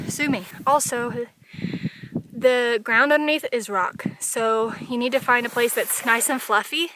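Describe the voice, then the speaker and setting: A woman's voice: a little high, normal speed, background noise. A woman hosting a travel vlog outdoors among sand dunes, chatty and upbeat as she explains things to viewers. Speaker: travel vlogger host. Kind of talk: casual travel vlog narration.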